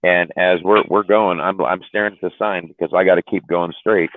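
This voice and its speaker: A middle-aged male trucker tells a long road story in casual chat. His voice is very low, and he stumbles and repeats himself as he goes. The sound is dry and tinny, like a phone line. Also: steady tone, brisk, no room sound. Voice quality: deep, drawling, repeats words while telling. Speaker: truck driver telling a story.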